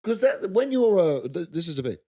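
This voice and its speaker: A young man with a slightly higher voice, spinning loose comic stories on a chat show. He rambles, laughs along with himself, and trails off mid-sentence. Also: very animated, a little fast, warm tone, slightly rough. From South London. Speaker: co-host. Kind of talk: casual comedic chat.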